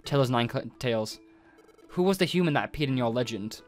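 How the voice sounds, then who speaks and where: A man's voice: mid-range voice, expressive, a little fast, soft background music, lightly acted. A man reading game dialogue aloud as a stern, commanding psychic creature who leads a team.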